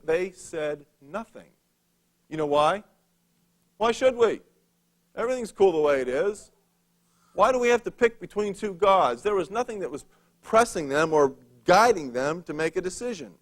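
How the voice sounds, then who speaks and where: A male preacher telling a Bible story to his congregation in loose, everyday language. His voice sits a little high for a man, and he slips in wry jokes as he goes. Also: very animated, moderate pace. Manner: casual, conversational retelling with humor. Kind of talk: storytelling sermon.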